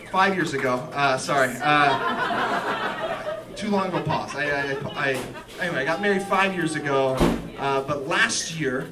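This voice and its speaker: A young adult man performing a stand-up comedy set, lively and quick to act out voices, with audience laughter between his lines. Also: on the high side. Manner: animated, acts out voices in quick bursts. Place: comedy club stage with live audience. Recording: distant mic, loud crowd laughter.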